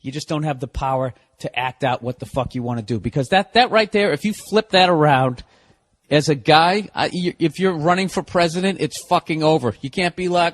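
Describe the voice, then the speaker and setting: A man's voice: a little high, lively intonation, fairly quick. A man hosting a comedy podcast, delivering a casual monologue of profane, exasperated ranting.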